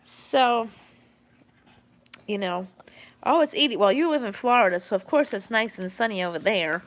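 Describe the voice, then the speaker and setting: A woman's voice: mid-range voice, moderate pace. A woman chatting casually on a live stream, rambling with many fillers and restarts. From New York.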